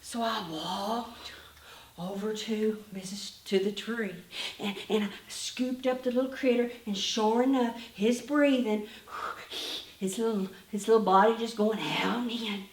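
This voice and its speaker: A woman telling a story in first person as a schoolgirl character, in a folksy, animated country dialect. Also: mid-range voice, measured pace. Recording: roomy, from a distance.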